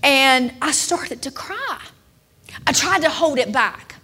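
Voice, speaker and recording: Slow, high-voiced woman preaching. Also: lively intonation, sharp tone, a little hiss or hum. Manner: emotional, rising to emphatic declarations with slow drawn-out phrases. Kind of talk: sermon.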